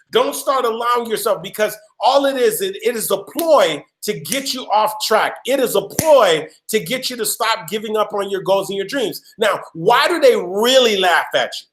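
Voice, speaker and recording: A man's voice: high voice, lively intonation, moderate pace, a bit bright, roomy sound. A man giving an emphatic motivational talk on a live call, repeating his lines and calling out listeners by name. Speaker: motivational speaker.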